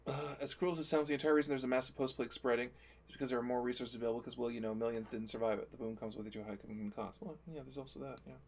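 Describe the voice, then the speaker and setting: A man's voice: medium pitch, fairly even intonation, very fast. A man hosting a casual livestream chat, rambling and restarting his sentences and laughing often. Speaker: livestream host.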